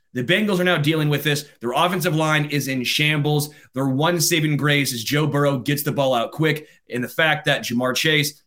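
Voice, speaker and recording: A man co-hosting a casual sports podcast, talking in an animated, emphatic and teasing way. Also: a little high. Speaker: podcast co-host.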